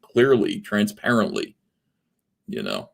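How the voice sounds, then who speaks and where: A man's voice: lowish voice, wildly swooping pitch, takes it slowly, creaky. A man in his forties hosting a casual livestream from his home office, rambling and sarcastic, with plenty of fillers while he reads out viewer messages. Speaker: livestream host. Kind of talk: casual livestream chat reading super chats.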